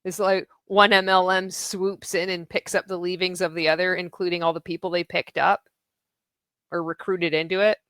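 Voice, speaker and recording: A woman's voice: on the low side, flat delivery, moderate pace, a bit bright, clean tone, no echo. A woman hosting a commentary video, sarcastic and exasperated, with mocking laughs and the odd swear.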